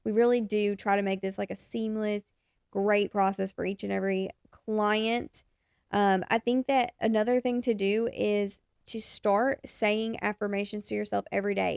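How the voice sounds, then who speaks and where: A woman's voice: mid-range voice, vocal fry, a little mellow, clear, resonant tone, no room sound, clean studio sound. A young adult woman hosting a podcast, giving frank, encouraging advice in a casual way and swearing now and then. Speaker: podcast host and photographer.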